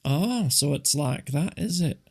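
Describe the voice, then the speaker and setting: Man putting on a teasing Irish nurse woman, higher voice, blunt, audiobook. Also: expressive, unhurried, creaky, slightly rough, soft background music, heavily acted. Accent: attempted Irish lilt.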